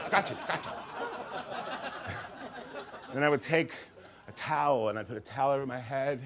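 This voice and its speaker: A man doing comedic storytelling, campy and animated, acting out voices. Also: mid-range voice, very noisy.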